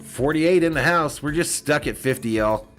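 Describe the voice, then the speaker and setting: A slightly high-voiced man calls a football game on his home stream, chatty and jokey, breaking off to read chat and laugh. Soft music runs faintly underneath. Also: normal speed. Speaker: streamer doing live play-by-play and reading chat. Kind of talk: casual live-stream commentary.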